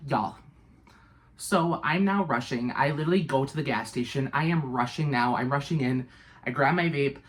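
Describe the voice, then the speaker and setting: A young woman vlogger telling a storytime tale in a casual, animated way, full of fillers and swearing. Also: very deep voice.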